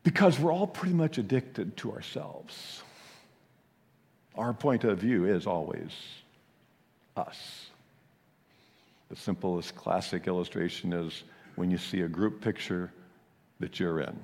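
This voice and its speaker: A man preaching a sermon, telling the story with animated delivery and frequent chuckles. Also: low-pitched, takes it slowly, pauses often, in a large hall.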